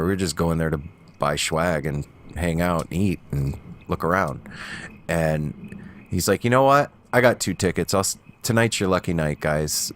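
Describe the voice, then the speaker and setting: A young man with a lowish voice tells a story on a podcast at an easy, unhurried pace. He talks casually, with plenty of filler words and a few swear words. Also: fairly bright tone, a little hiss or hum. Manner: laid-back, swearing storyteller. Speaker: podcast co-host.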